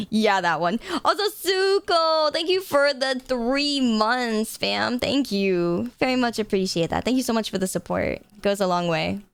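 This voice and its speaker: A woman's voice: on the high side, lively intonation, unhurried, vocal fry, clean tone, dry recording. A woman streaming live, chatting casually with her viewers, laughing often and swearing freely. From United States.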